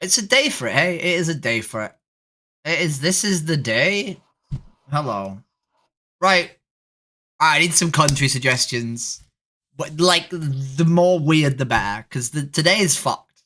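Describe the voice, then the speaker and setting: A woman's voice: low voice, expressive, unhurried, pauses often, fairly bright tone. A woman, chatting bluntly and swearing often while streaming random video chats. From Leeds, England. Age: 30s. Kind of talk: casual video-chat streaming.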